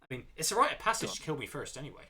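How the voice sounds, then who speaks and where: A man's voice: on the high side, huge pitch swings, racing, pushed and bright. A man playing a card game with friends over a stream, chatting casually and explaining card rules at length with self-deprecating jokes.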